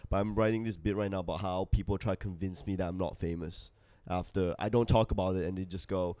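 A man's voice: deep voice, fairly even intonation, fast, hardly any pauses, mellow, slight background noise. A young Australian man hosting a podcast, talking in a rambling, self-deprecating way with a stuffed nose and frequent laughs. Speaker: podcast host. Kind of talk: casual chat.

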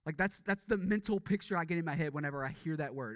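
Higher-voiced pastor preaching in dry sound. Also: male voice, quick pace, dry recording. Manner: conversational, repeats words, asks rhetorical questions. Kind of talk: sermon.

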